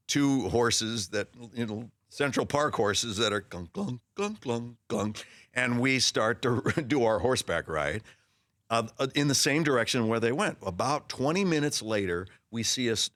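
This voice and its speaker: A man in his sixties, a guest telling stories in a casual interview, lively and animated, acting out voices in his anecdotes with frequent restarts. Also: mid-range voice, no echo. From Los Angeles area. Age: 60s. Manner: frequent restarts and repeated words. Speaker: actor guest.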